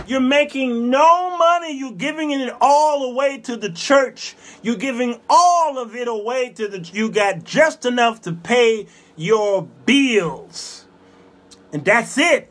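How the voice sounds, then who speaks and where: A man in his fifties hosting a show, delivering a fiery, scolding monologue with repeated hammering phrases and bursts of shouting. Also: very high-pitched, measured pace. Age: 50s. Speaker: show host. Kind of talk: ranting monologue.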